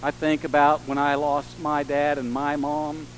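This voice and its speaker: A man delivers a sermon in an earnest, unhurried way. His voice sits fairly high, and his emphasis swells and falls back to soft, quiet passages. A faint hum and hiss run under the recording. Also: completely flat delivery, rough recording. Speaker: pastor.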